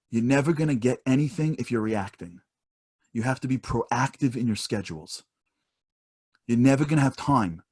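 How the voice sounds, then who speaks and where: Husky, emphatic motivational speaker. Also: male voice, mid-range voice. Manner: emphatic, repetitive, animated preacher-like delivery. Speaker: guest speaker. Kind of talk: motivational talk.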